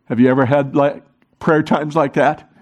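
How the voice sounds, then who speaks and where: A middle-aged man preaching a sermon, animated and urging the congregation to join in. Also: a little high, moderate pace. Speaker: pastor.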